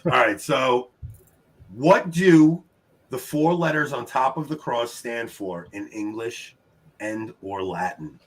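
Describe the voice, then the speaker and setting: Speaking at medium pitch with a Long Island accent, this New York trivia host streams a casual show from his home. He stays chatty and upbeat, laughing a lot and tossing off quick remarks to viewers in the chat.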